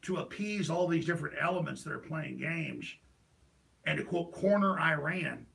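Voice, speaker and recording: A middle-aged man hosting a talk show, delivering a heated political rant that swings between loud outbursts and low mutters. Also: normal speed, gravelly.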